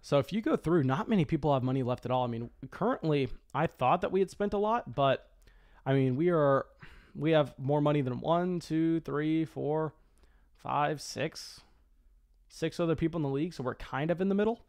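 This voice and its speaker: Excitable man with restarts, commentating a draft. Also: fairly high pitch. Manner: quick, excitable, frequent stammered restarts. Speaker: fantasy football streamer.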